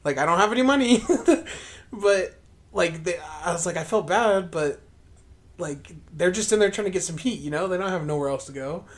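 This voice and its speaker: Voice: medium pitch, moderate pace. Rambling, profane podcast storyteller. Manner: rambling, profane, full of fillers; acts out own past remarks in a livelier voice. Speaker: podcast co-host. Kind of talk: casual storytelling chat.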